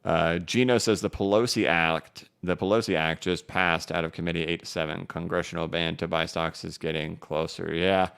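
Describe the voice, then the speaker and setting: Gravelly deep-voiced male livestream host. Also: steady tone, normal speed, hardly any pauses, fairly bright tone. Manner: loose and chatty, many fillers. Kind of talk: casual livestream chat reading viewer comments.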